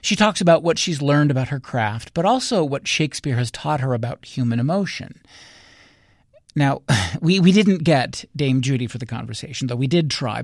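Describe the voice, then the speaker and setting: A man with a mid-pitched voice hosts an interview. He introduces his guest and asks rambling questions in a chatty, friendly way. His voice is recorded close and dry, with no room sound. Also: gravelly, dry recording. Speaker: interviewer, host.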